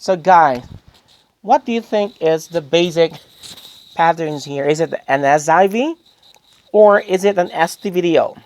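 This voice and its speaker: Slow, deliberate male grammar teacher. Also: on the high side, darkish tone. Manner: asks rhetorical questions and answers them himself; addresses listeners as guys, repeats key phrases. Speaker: English teacher. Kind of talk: grammar lesson to a class.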